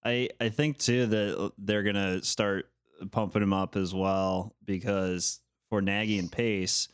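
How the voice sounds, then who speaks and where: A man's voice: on the low side, fairly even intonation, unhurried, clean tone, no room sound, clean studio sound. A man giving analysis in a casual sports chat as a podcast co-host.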